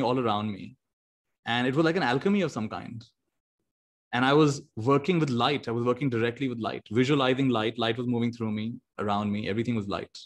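A meditation teacher speaks to an audience over a video call, his voice at an ordinary middle pitch. He tells stories with energy, acting out the voices in them and laughing along the way. The delivery is animated and inspiring rather than formal. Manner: animated, acts out quotes, laughs often. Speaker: meditation teacher giving a talk. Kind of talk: motivational storytelling talk.

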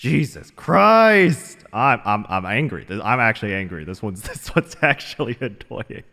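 A man's voice: fairly low pitch, moderate pace, sharp tone. A tired man giving live gameplay commentary as a channel host, ranting in frustration and swearing.

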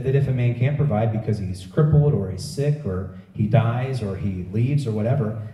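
A middle-aged man delivering a sermon, jumping into quoted voices as he tells stories. His tone is deep and mellow. The sound carries room echo and is picked up from some distance. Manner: animated storytelling preacher acting out quotes. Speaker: preacher. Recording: echoey room heard from a distance.

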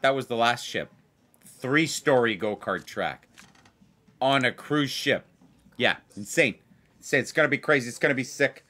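A man hosting a blackjack video, chatting casually and excitedly as he plays. He repeats himself for emphasis and keeps talking straight to his viewers. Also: medium pitch. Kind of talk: casual chat while playing blackjack.

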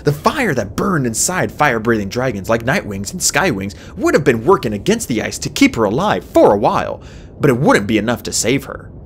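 Expressive low-voiced woman narrating a story. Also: brisk, slight background noise. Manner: expressive, swings pitch widely. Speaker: audiobook narrator.

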